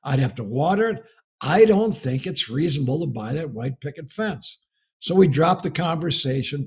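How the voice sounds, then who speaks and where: A man's voice: fairly high pitch, darkish tone, breathy edge. A middle-aged man from the United States giving a folksy storytelling sermon about marriage, chuckling as he goes. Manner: folksy, laughs through his story. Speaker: speaker on marriage.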